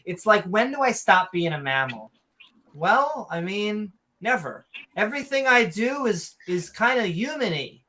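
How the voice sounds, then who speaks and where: A man with a Northeast US accent, co-hosting a casual podcast in a rambling, animated way with many ums. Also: high-pitched, measured pace, a little hiss or hum. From Philadelphia area. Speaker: co-host.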